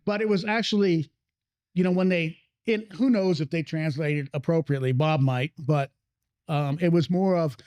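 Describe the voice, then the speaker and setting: Man, podcast host, crude and rambling, swears a lot, higher-pitched voice. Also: moderate pace, darkish tone, dry recording. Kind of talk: casual chat. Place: cigar lounge.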